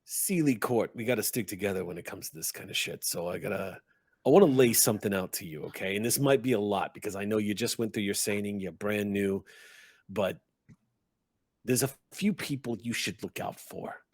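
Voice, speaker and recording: A man doing a gruff, cursing red cap. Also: lowish voice, brisk, no room sound, pitched below the performer's own voice. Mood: earnest. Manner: curt, swears, barks orders. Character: gruff impatient male red cap driver.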